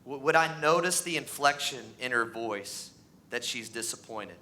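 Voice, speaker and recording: A pastor in his thirties preaching a sermon in a church, animated and acting out the voices of the people in his stories. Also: normal speed, slight background noise. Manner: animated, acts out voices, pitch rises on mocking lines. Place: church sanctuary.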